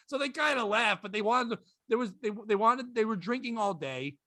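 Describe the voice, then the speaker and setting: High bright-voiced profane comedian. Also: male voice, brisk, few pauses, dry recording, clean studio sound. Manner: profane, deadpan storytelling. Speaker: comedian guest. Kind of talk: casual storytelling on a podcast.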